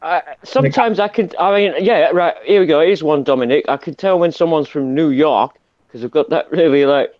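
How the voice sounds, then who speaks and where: Lively man chatting, lo-fi. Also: fairly high pitch, fairly quick, no echo. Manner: swearing, laughing, doing accents. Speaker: host. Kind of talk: casual chat. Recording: lo-fi, dry.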